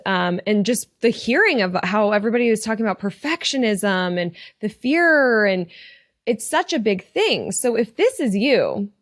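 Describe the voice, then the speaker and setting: A woman's voice: mid-range voice, dry recording, clean studio sound. A woman hosting a retail podcast, talking casually with earnest encouragement and open emotion. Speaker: podcast host and retail coach. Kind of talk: casual motivational podcast talk.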